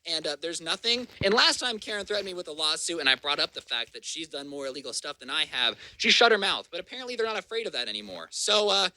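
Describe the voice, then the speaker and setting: A man's voice: fairly high pitch, expressive, fast talker, hardly any pauses, sharp tone, no echo, rough recording. A man in his twenties telling a storytime rant on his channel, sarcastic and full of mocking insults. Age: 20s. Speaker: YouTuber.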